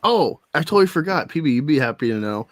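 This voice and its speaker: A man's voice: fairly high pitch, sing-song, fast talker, dry recording. A man chatting casually on a podcast, giggling often and talking with lots of energy. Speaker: podcast co-host.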